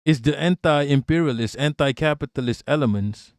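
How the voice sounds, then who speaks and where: A male livestream host with a somewhat high voice, chatting casually about politics. He is blunt and profane and often laughs while reacting to his chat. The sound is dry, with no room echo. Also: normal speed, clean tone.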